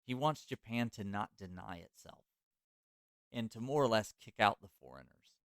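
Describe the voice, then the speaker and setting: Podcast host, male, low smooth voice, casual storyteller, loose with "like" and restarts, dry close mic. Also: expressive, moderate pace, fairly bright tone, dry recording. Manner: loose, filler-heavy, self-correcting.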